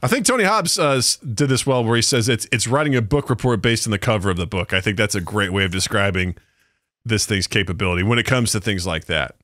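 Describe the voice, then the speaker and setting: A man hosting a podcast in casual chat, lively and jokey, often laughing. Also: fairly low pitch, quick pace, dry recording, studio quality. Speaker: podcast host.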